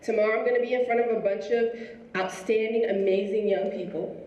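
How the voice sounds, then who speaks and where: A woman giving a motivational speech to students, telling a story in a lively way and acting out the people in it. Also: a little high, a little fast, lo-fi sound. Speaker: school principal giving a speech. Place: school auditorium. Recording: echoey hall, from far off.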